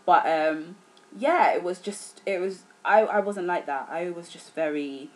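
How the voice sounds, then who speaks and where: Young woman, low-pitched; sincere, serious talk to camera. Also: measured pace, low-quality recording. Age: young adult. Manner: earnest, serious, animated retellings with filler words. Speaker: vlogger. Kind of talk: casual chat to camera.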